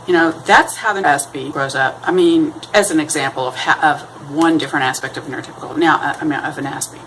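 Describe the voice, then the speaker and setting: Brief: middle-aged woman, low voice, rambling self-deprecating monologue, faint background hiss. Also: fairly quick, hardly any pauses. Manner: rambling, self-deprecating, acts out quoted voices in a high sing-song. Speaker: vlogger. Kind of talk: casual explanatory monologue.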